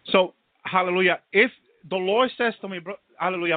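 A man's voice: high-pitched, a little fast, no echo. A man preaching, punctuating nearly every phrase with hallelujah and praise Jesus, repeating himself as he goes. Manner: constant hallelujahs and praise interjections, repetitive. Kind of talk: preaching sermon. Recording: tinny phone-like line, dry.

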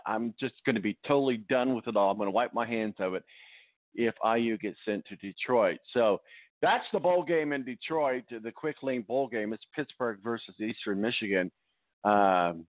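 A man's voice: medium pitch, no echo, narrow, tinny audio. A male radio host in casual sports talk, rambling and chuckling as he trips over names.

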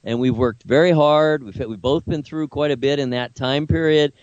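A man's voice: a little high, moderate pace, muffled recording, a crowd in the background. An older man, a grandfather, co-hosting a radio talk show, speaking earnestly and reflectively about a family loss. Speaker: co-host.

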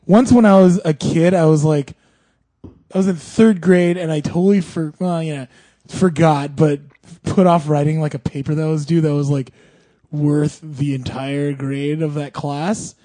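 A man trading stories on a casual podcast, quick to laugh at himself. His voice sits a touch high and sounds warm and relaxed. The recording is close and dry. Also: no echo. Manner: chatty storyteller, laughs often. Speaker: podcast co-host. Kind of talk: casual chat.

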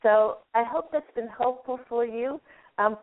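A woman radio host giving a call-in angel card reading, gently guiding the caller through a visualization. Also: fairly high pitch, a little slow. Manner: soothing, guiding, talks listener through a visualization. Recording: narrow phone-line sound.

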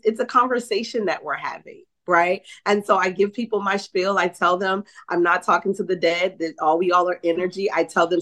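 In a conversational interview, a middle-aged woman from New Orleans who works as a psychic medium and author tells stories animatedly, performing quoted dialogue and often asking "right?". Her voice is medium-pitched.

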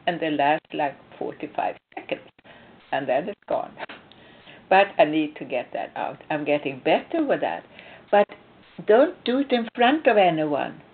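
A woman's voice: low voice, a little hiss or hum. A woman from Sweden, a spiritual coach, giving casual relationship advice through personal stories, emphatic with hesitant restarts. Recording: tinny phone-like sound.

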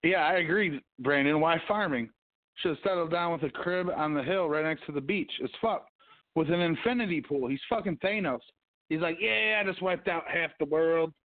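A man's voice: a little high, moderate pace, no room sound. Profane ranting man on a tinny line. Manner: profane, ranting, hums to himself. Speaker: podcast host. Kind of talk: casual livestream rant. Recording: tinny phone-like sound.

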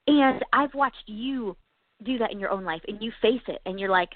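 A woman's voice: on the high side, normal speed, no echo, narrow, tinny audio. A woman co-hosting a casual faith podcast, talking earnestly and encouragingly to her friend. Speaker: co-host.

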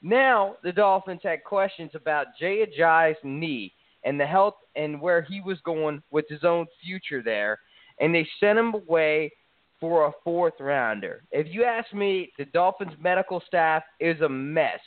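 A man's voice: fairly high pitch, expressive, a little slow, no echo. A man hosting a sports talk show, confident and salesy as he hypes his betting picks. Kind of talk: sports radio banter. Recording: tinny phone-like line, dry.

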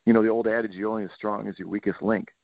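A man's voice: fairly low pitch, very fast, gravelly, no room sound. A middle-aged man from Michigan, a football coach, giving a podcast interview and telling stories animatedly, acting out what players said. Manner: animated storytelling, acts out players' quotes. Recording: tinny phone-like line, dry.

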